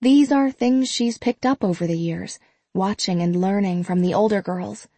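A woman narrating an audiobook in an even, measured way, with a mid-range voice. The sound is close and dry with no room around it. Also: medium pitch, breathy edge, no echo.

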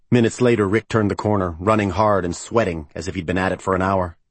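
Deep, husky male audiobook narrator. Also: fairly even intonation, quick pace, hardly any pauses, no echo. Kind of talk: scripted narration.

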